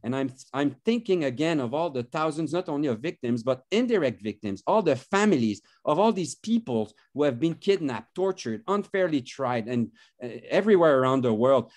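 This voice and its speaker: A man's voice: medium pitch, lively intonation, normal speed, a little mellow. Impassioned emotional male lawyer. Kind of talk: press conference statement.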